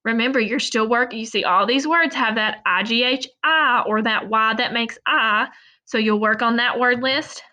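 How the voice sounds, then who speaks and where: A woman teacher records a phonics lesson for young children, sounding out each word slowly and deliberately. Her voice is a little high, bright, and pushed.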